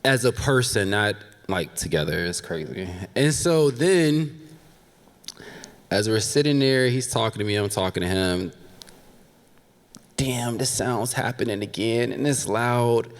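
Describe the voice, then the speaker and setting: Animated male storyteller in a reverberant hall. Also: lowish voice, a little slow. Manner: animated, acts out each person's lines in shifting voices. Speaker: live storyteller. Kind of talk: comic personal story told on stage. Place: theater stage before a live audience. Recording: long hall reverb from a live stage.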